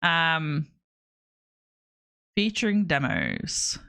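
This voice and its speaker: A woman's voice: low-pitched, wildly swooping pitch, drawn-out words, gravelly, sharp tone, clear, resonant tone. An Australian woman streaming games, chatting casually in a rambling way and laughing often. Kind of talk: casual livestream chat.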